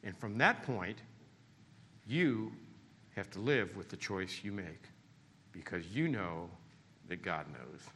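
A man pastor preaching a sermon in a church, swinging between animated emphasis and quiet, hushed appeals. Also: sits low, slow, pauses often, big-room sound, a little hiss or hum. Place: church sanctuary.

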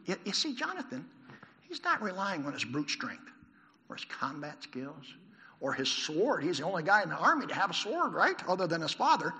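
A man preaching a sermon in a church, animated, asking the congregation questions. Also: high voice, normal speed. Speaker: pastor. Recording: long hall reverb.

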